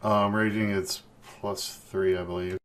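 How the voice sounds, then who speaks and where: A man with a lowish voice plays a tabletop game, trailing off and restarting as he thinks aloud. His talk stays relaxed and unhurried. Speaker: player. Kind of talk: casual tabletop game chat.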